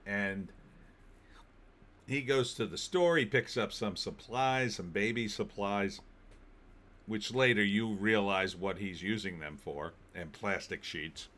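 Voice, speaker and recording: A man's voice: lowish voice, slow pace, fairly bright tone. A man giving a casual spoken film review, recapping the plot with wry disbelief.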